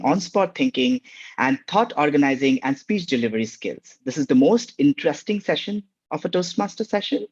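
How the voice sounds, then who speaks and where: Guy explaining meeting rules, earnest, kinda husky, muffled lo-fi audio. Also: medium pitch. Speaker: table topics master.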